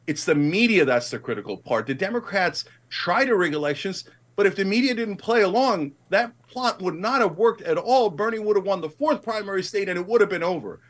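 A man's voice: sits high, lively intonation, fairly quick, a bit bright. A middle-aged man in a heated political debate, emphatic and passionate, rising to indignant outbursts. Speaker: guest commentator.

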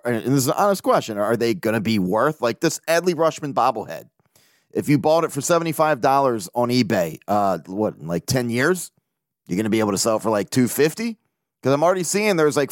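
A man talks through a casual solo sports podcast in an animated, rambling way, swearing freely and laughing at himself. His pitch swings widely as he gets worked up. The sound is dry and close to the mic. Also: no echo. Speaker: podcast host.

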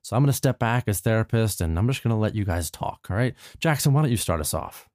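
Rambling earnest man with a lowish voice. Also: expressive, fast talker, a little mellow, dry recording, studio quality. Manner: earnest, rambling, repeats himself. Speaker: therapist in a comedy sketch. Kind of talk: improvised comedy scene.

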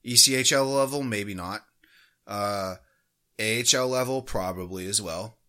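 A man's voice: lowish voice, unhurried, bright, forceful tone. A man co-hosting a sports podcast, ranting heatedly with constant swearing. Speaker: podcast co-host. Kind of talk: casual podcast rant.

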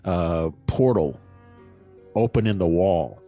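A man with a fairly low voice retells a story in casual podcast chat. He rambles, stops and restarts often, and fills gaps with ums and "you know". Faint music plays underneath. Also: lively intonation, slow pace, dark tone, highs cut off. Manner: rambling, many fillers and restarts.

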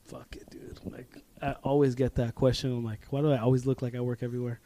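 A man's voice: medium pitch, racing. A young man hosting a casual podcast chat, telling stories with lots of laughter and swearing. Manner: laughing, swearing, animated storytelling. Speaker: podcast host.

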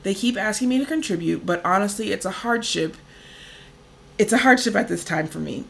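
A woman's voice: mid-range voice, animated, a little fast, gravelly. A woman co-hosting a podcast in casual chat, talking loosely with lots of fillers and easy laughs. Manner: chatty, many "like" fillers, laughs easily. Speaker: podcast co-host.

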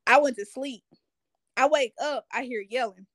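A woman hosting a podcast with a somewhat high voice, chatting in a loose, laid-back way. She drifts through her sentences with slang and frequent laughs. Her voice sounds dry and close to the mic. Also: normal speed, fairly bright tone, dry recording. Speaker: podcast host. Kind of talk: casual chat.

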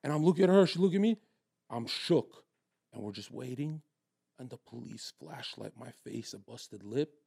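A man's voice: medium pitch, lively intonation, moderate pace, gravelly, warm tone, husky. A man talking in a brash, crude, swaggering way, telling stories in a casual chat. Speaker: guest.

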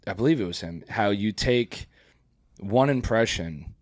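A man's voice: on the low side, lively intonation, unhurried, no echo, clean studio sound. A tired man co-hosting a podcast, rambling in casual chat with lots of fillers and restarts. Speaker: podcast co-host.

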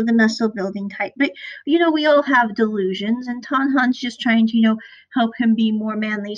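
This is a casual monologue from a chatty American Midwest podcaster, her pitch a bit on the high side. She relives the series' scenes energetically while recapping, and the sound quality is muffled and lo-fi.

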